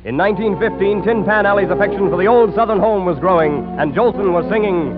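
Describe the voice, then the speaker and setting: A man's voice: sits high, fast talker. A man narrating a scripted radio program as announcer in a formal, declamatory manner. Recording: tinny 1930s radio broadcast with music.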